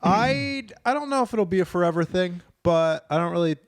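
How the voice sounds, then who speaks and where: A gravelly, creaky-voiced man co-hosting a podcast in loose, rambling banter. He swears freely, drifts between thoughts and slips into silly voices, recorded close and dry in a studio. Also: high voice, expressive, moderate pace, no room sound. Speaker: podcast co-host.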